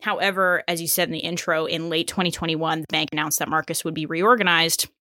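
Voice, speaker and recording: A woman with a bright, forceful tone breaks down business news for a podcast. She talks quickly and casually, with plenty of fillers, and her voice sits close and dry on the mic. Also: deep voice, steady tone, no room sound. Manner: quick, explanatory, filler-heavy. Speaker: co-host analyst.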